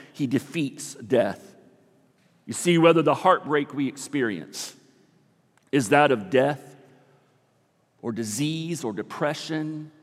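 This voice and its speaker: Male pastor, higher-pitched voice, preaching with rising and falling intensity, reverberant sanctuary. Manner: dynamic preaching, swings between soft and loud. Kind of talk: sermon. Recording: long hall reverb.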